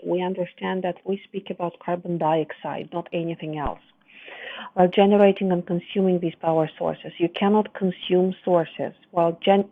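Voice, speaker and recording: A woman's voice: lowish voice, dry recording. Woman tutor correcting an essay aloud. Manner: reads the text aloud, then stops to correct and explain. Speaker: English writing tutor. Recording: dry, narrow phone-like sound.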